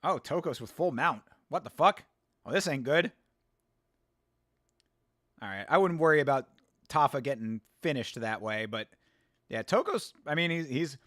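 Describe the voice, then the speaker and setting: Excitable high-voiced man yelling at a fight. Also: no echo, clean studio sound. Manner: excitable, yells at the fighters, laughs often. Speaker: host of a fight watch-along show. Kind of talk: casual live fight reaction commentary. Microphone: close to the mic.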